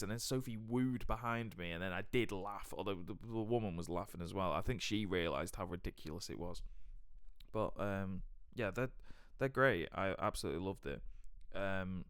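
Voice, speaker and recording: A man's voice: fairly low pitch, expressive, normal speed, smooth, no echo, clean studio sound. A young man who co-hosts a podcast, telling rambling, chatty travel anecdotes with frequent restarts. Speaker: podcast co-host. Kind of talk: casual podcast storytelling.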